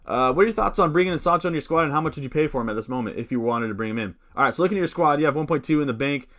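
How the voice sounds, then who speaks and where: A man's voice: fairly high pitch, lively intonation, very fast, fairly bright tone. A man hosting a fantasy football live stream, answering chat questions in a rambling, upbeat way that keeps correcting itself.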